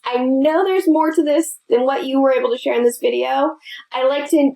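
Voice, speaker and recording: A woman putting on the voice of an eager viewer asking for more, pleading and higher than her usual voice. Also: steady tone, normal speed, creaky, dark tone.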